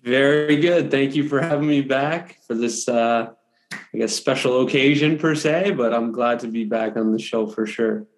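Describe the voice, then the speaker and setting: A young adult man, a wrestler, chatting as a guest in a relaxed, easygoing way. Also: mid-range voice, normal speed. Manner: relaxed, easygoing, says "for sure" often. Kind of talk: casual interview chat.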